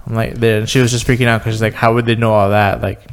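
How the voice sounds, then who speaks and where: A man with a smooth, resonant voice in a relaxed conversation. He peppers his stories with "like" and acts out quotes along the way. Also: fairly low pitch, fast talker. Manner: filler-heavy, says "like" constantly. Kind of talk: casual chat.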